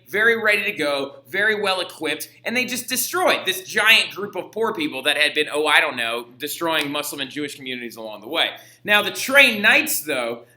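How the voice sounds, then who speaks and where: In an echoey room, a male teacher with a bright, forceful voice on the high side delivers a laid-back history lesson. He leans on "right?" and "like," talks in slang, and performs the characters to get laughs.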